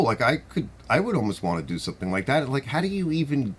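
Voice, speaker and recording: A man's voice: medium pitch, sing-song, fast talker, breathy edge. A middle-aged man with a New York accent hosts a live stream, chatting casually and answering viewer comments in a rambling, conversational way. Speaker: host of a garage channel live stream.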